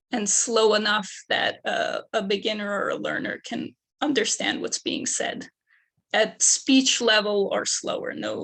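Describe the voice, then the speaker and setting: A young woman giving an academic research presentation, her voice gravelly with vocal fry. She works through her method methodically, one step after another. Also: fairly high pitch, a bit bright. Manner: methodical, explaining steps one by one. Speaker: undergraduate researcher.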